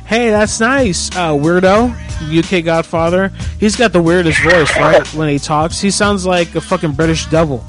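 A man's voice: high-pitched, normal speed, hardly any pauses, over loud music. A man hosting a talk show, teasing his co-host and rambling with lots of swearing. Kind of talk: casual crude banter.

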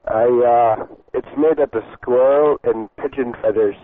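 Crude rambling prank caller, tinny line. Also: male voice, mid-range voice, normal speed, dry recording. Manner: crude, rambling, mock-polite with hesitations. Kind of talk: prank phone call.

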